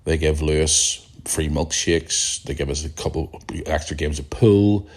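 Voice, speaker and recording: A middle-aged Northern Irish man hosting a solo podcast, chatting in a blunt, rambling way with a croaky morning voice. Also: a bass voice, a little slow. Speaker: podcast host. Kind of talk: casual solo podcast chat.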